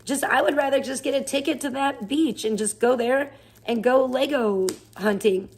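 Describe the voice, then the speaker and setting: Woman streamer ranting, fairly high voice. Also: normal speed, breathy edge. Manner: rambling, profane, exasperated ranting. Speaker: live streamer. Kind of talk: casual chat.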